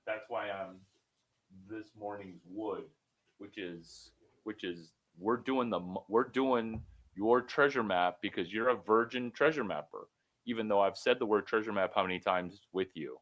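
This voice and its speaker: A man with a fairly low voice talks through a one-on-one coaching call. He is blunt and swears freely. He rambles, then jumps into sudden loud bursts. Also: unhurried. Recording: phone call.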